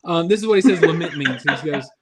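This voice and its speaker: A man's voice: on the high side, lively intonation, fast talker, heavy background noise. A man hosting a casual youth devotional over a video call, chatty and self-deprecating. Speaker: youth ministry devotional host.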